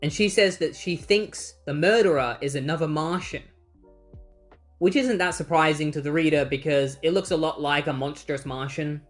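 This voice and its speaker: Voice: mid-range voice, normal speed, soft background music. Chatty comic book reviewer. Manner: chatty, summarizes plot with asides. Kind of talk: casual retrospective narration.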